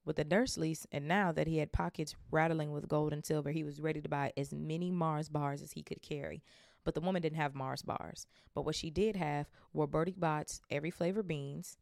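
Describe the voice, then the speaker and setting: A young woman reads a novel aloud for her book club podcast and keeps drifting into chatty asides, swearing casually as she goes. Her voice is deep and full of vocal fry. The recording is close and dry. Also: fairly even intonation, brisk, a little mellow, dry recording.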